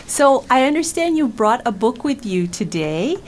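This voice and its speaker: A woman's voice: fairly high pitch, big pitch swings, moderate pace, slight background noise. A woman hosting a radio program, interviewing a parent, encouraging and friendly.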